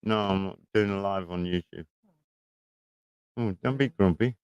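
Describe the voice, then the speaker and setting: A man's voice: low-pitched, a little slow, a little mellow, clean tone, no room sound, lo-fi sound. A middle-aged man chatting casually at home, rambling, chuckling and swearing freely as he talks to camera. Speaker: vlogger. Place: room at home, indoors.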